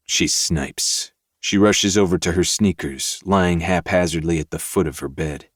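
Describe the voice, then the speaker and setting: Brief: very deep male narrator, dry close recording, steady audiobook read. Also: a little slow, slightly rough, dry recording. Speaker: podcast host reading a novel aloud. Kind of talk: first-person audiobook narration.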